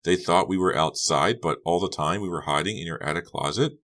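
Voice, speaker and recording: A man's voice: deep voice, a little fast, a bit bright. A man voicing a clingy, unsettling teenage girl in a storybook reading, sugary and insistent. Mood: pleading.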